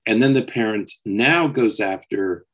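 Podcast co-host, male, low husky voice, steady explainer. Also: measured pace, low-quality recording. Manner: steady, explanatory, often checks with "okay?". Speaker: psychologist co-host. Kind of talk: casual podcast discussion.

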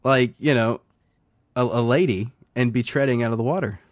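A man co-hosting a podcast, chatting casually about a film, animated and quick to laugh and swear. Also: mid-range voice, no echo, clean studio sound. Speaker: podcast co-host.

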